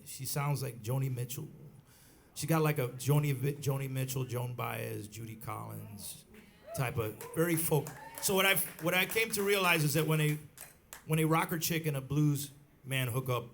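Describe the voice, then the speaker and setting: A middle-aged bandleader telling a rambling story on stage at a live club, with many restarts and acted quotes. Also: male voice, medium pitch, gravelly, fairly bright tone. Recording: live club recording with faint crowd noise.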